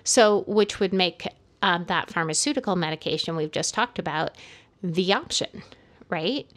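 A woman's voice: lowish voice, expressive, normal speed, a bit bright. A woman co-hosting a casual podcast chat, walking through each step steadily with many "um"s.

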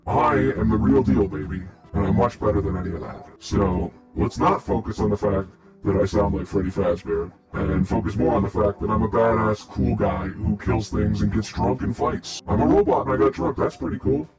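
A man playing a swaggering robot priest, an iron golem who boasts of drinking and fighting. His voice runs low, and faint music plays behind. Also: fairly even intonation, moderate pace, lightly acted. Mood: cocky. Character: cocky male iron golem priest, brawler.

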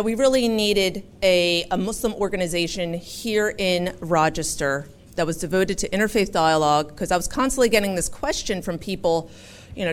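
A woman's voice: lowish voice, clear, resonant tone. A woman from Philadelphia giving a chatty, humorous public speech as a talk show host. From Philadelphia, USA.

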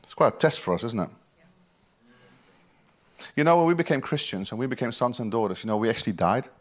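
A pastor preaching a sermon, reading scripture with emphasis, mixing quiet asides with loud, drawn-out lines and chatty "you know"s. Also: male voice, medium pitch, expressive. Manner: reads scripture aloud with emphasis.

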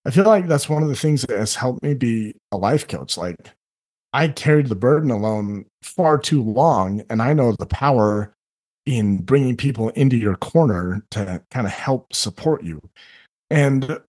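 Middle-aged man, life coach, earnest podcast guest, mid-pitched voice. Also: expressive, darkish tone. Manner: earnest storyteller who voices others in quick asides. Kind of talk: candid podcast conversation.

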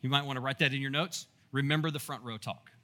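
A man preaching a sermon as pastor, animated and storytelling with asides and rhetorical questions. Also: mid-range voice, fast talker. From Texas.

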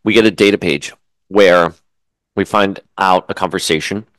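A man with a low-pitched voice talks through a comic book review in a loose, opinionated way, full of asides and restarts. The sound is close and dry, with no room echo. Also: fairly even intonation, moderate pace, fairly bright tone. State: chewing food while talking. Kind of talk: casual spoken comic review.

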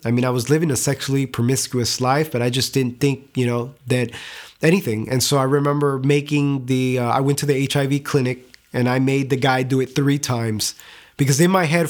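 Earnest young man sharing a testimony. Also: medium pitch. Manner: earnest, emotional, halting with repeated words. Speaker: testimony speaker. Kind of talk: personal faith testimony.

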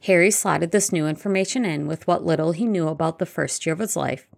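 A woman narrating a fan-fiction story aloud in an even, steady storytelling manner. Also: low voice, brisk, creaky. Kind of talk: reading fanfiction aloud.

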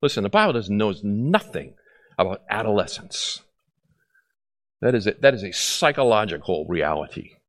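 A man preaching a sermon as a pastor, animated and often acting out short exchanges between children and parents. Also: fairly low pitch, moderate pace.

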